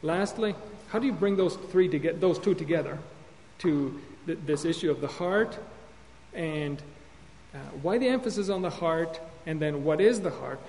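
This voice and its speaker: High-voiced man teaching in a reverberant hall. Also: expressive, moderate pace, darkish tone. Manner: earnest teaching, with repeated words and self-corrections. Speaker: Bible teacher on counseling. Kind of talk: classroom-style sermon lecture. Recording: long hall reverb with faint hum.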